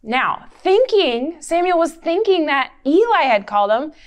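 Woman, unhurried pace, playful, coaxing children to join in, interactive Bible storytelling. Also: sits high, sing-song. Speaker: children's Bible lesson leader.

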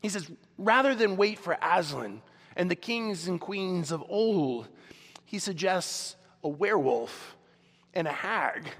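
Pastor guy preaching, kinda high voice, earnest and chatty, big echoey church. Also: expressive, slow, a bit bright. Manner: earnest, conversational, with fillers. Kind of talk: sermon. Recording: long reverb in large hall.

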